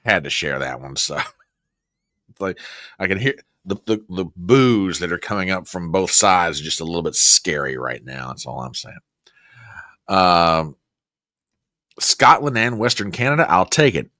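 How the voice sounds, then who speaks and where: A man's voice: low-pitched, animated, moderate pace, pushed and bright, no room sound, studio quality. A man hosting a casual news commentary show, rambling with sarcastic, joking asides. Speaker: host.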